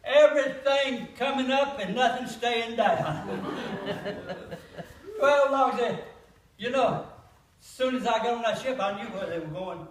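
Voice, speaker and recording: Older man, high-pitched folksy comic, laughs at own jokes; echoey hall, distant mic. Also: a little slow, long pauses, slight background noise. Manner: folksy joke-telling, laughing at his own punchlines. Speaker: comedian. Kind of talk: comic monologue at a church gathering. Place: church hall.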